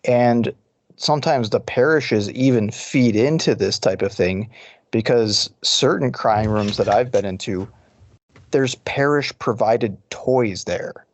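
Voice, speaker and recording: A man's voice: medium pitch, slow, dry recording. A man co-hosting a casual podcast, earnest and conversational, often restarting his sentences. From Detroit area. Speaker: podcast co-host. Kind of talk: casual chat.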